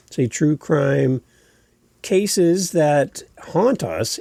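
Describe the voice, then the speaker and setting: A man's voice: medium pitch, creaky, mellow, no room sound. A man from Canada hosting a podcast showcase, chatty and jokey as he introduces clips. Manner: chatty, jokey, plays up the spooky bits. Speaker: podcast host. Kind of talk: casual show host introducing clips.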